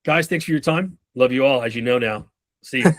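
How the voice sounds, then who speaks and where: A man's voice: medium pitch, brisk. A man in his thirties giving a casual, profanity-laced sales training talk, acting out short bits of customers and reps as he goes.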